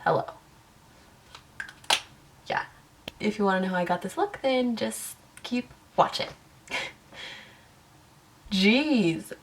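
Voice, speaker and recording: A woman's voice: medium pitch, a little slow, long pauses, a little hiss or hum. A woman talking to camera in her bedroom, giggly, rambling and self-conscious. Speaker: beauty vlogger. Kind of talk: casual talk to camera.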